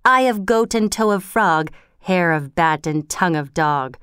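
A woman's voice: lowish voice, lively intonation, unhurried, a bit bright, clean tone, dry recording, studio quality. A woman voicing a sinister old witch, chanting spells with a sing-song rhythm.

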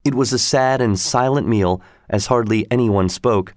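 A man narrating a storybook in a steady, measured reading. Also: medium pitch, no echo, clean studio sound.

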